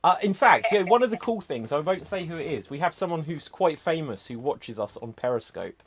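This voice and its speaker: A man's voice: fairly high pitch, animated, a little fast, husky. A man hosting an improv comedy show, chatting loosely between games with plenty of fillers and asides.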